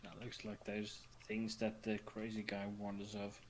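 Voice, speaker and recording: A man's voice: fairly low pitch, completely flat delivery, normal speed, a little hiss or hum. A man playing in a tabletop game, explaining rules and lore matter-of-factly. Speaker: player. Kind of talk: casual tabletop game play.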